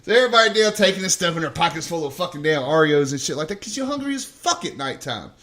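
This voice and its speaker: A man's voice: fairly high pitch, very animated, fast talker, bright, forceful tone. A man, a podcast co-host and army veteran, telling rowdy stories in casual chat, swearing and laughing as he talks. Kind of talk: casual storytelling.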